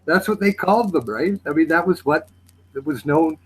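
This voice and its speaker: A man's voice: on the high side, moderate pace, a bit bright, a little hiss or hum, poor audio. A man from Lancashire with a Lancashire accent, chatting casually and telling laid-back anecdotes. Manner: laid-back storytelling, laughs along. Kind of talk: casual chat with banter.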